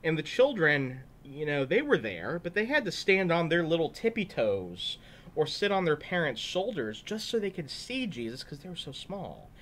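Animated man reading a children's story. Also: on the high side, moderate pace, a little hiss or hum. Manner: animated, chatty, asides to kids. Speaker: pastor.

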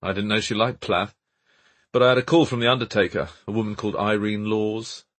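A man's voice: on the low side, steady tone, a little fast, fairly bright tone. A man voicing an irritable, successful male actor in an audiobook, curt and dismissive.

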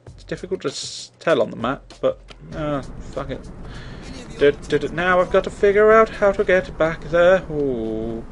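A man's voice: a little high, expressive, moderate pace, soft background music. A young man giving jokey, chatty commentary over a video game, humming tunes along as he plays. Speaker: let's play host. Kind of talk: casual gameplay commentary.

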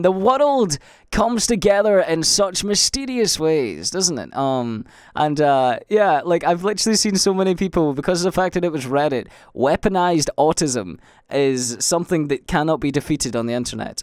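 Recorded with clean studio sound and no echo, this young man from Scotland runs his own podcast and livestreams. His clean-toned voice is on the high side as he rambles solo, swearing, restarting, and filling gaps.

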